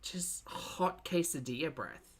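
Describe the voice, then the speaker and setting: A woman's voice: deep voice, sing-song, slow pace, slightly rough. A woman streamer casually commenting on a video, chatty and sarcastic, swearing and laughing often. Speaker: reaction streamer.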